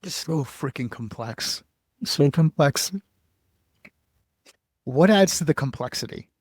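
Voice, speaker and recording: A man's voice: on the high side, expressive, slow pace, darkish tone, husky, no room sound, studio quality. A man hosting a podcast who asks long, rambling questions with enthusiasm. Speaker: podcast host. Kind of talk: casual podcast interview.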